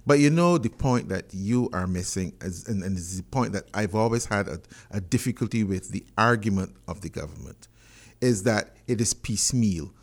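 A man's voice: on the low side, lively intonation, moderate pace. Emphatic man cutting in on a point. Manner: interjecting, emphatic, corrects points. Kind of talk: call-in radio discussion.

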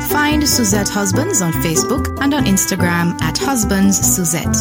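A woman reading a children's story aloud in a gentle, expressive way. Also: medium pitch, normal speed, hardly any pauses. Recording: loud music bed behind.

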